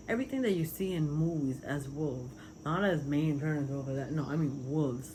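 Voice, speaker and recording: Woman, lowish voice, rambling, earnest, lots of fillers, faint background hiss. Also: expressive, normal speed. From Puerto Rico. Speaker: vlogger sharing spiritual visions. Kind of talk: casual testimony.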